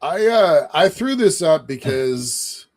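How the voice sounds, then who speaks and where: Male co-host; relaxed, enthusiastic casual banter. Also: a little high. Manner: enthusiastic, easygoing, quick agreeing replies. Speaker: podcast co-host. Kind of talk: casual chat.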